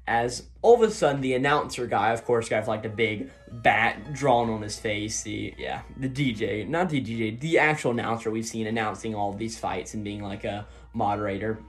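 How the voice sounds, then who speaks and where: A man's voice: fairly low pitch, moderate pace, few pauses, soft background music. A man hosting a casual recap, talking in loose, rambling sentences full of fillers and paraphrased quotes. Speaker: manga discussion host.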